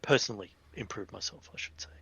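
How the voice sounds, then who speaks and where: A man's voice: fairly low pitch, expressive, quick pace, vocal fry, sharp tone, a little hiss or hum, poor audio. A middle-aged Australian man co-hosting a casual podcast, with wry dry humour. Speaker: podcast co-host. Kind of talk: casual group chat.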